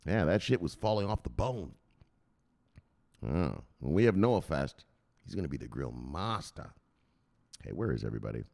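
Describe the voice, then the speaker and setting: A man hosting a crypto news channel who jokes and rambles with plenty of profanity. His voice is gravelly and swings widely in pitch. The tone stays loose and chatty throughout. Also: very animated, normal speed, pauses often, a little mellow. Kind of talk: casual livestream chat.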